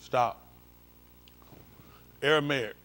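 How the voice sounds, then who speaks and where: A man's voice: medium pitch, drawn-out words, fairly bright tone. A male pastor leads an informal Bible study, comparing translations and coaxing someone along with repeated "come on.".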